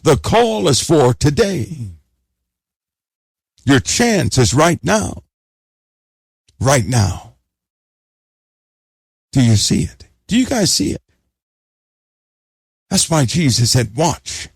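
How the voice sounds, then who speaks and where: A man's voice: medium pitch, very animated, takes it slowly, creaky, pauses often, slightly rough, no echo, studio quality. A man preaching an urgent sermon, exhorting listeners and repeating phrases for emphasis.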